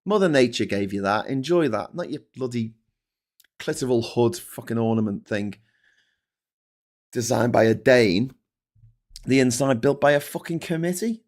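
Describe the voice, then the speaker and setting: An Englishman hosts a casual live stream, swearing often as he rants. His voice sits at a middle pitch, and he talks in a loose, animated way while reading comments and the papers. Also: moderate pace, pauses often. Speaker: host.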